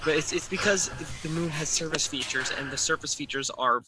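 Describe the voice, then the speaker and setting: A man's voice: on the high side, fairly quick, background noise. A man on a livestream panel in casual chat, sarcastic and joking through rambling explanations.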